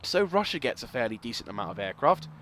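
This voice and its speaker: A young man hosting casual game commentary, excitable and rambling, with loud exclamations. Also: mid-range voice, fast talker. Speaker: gaming video host.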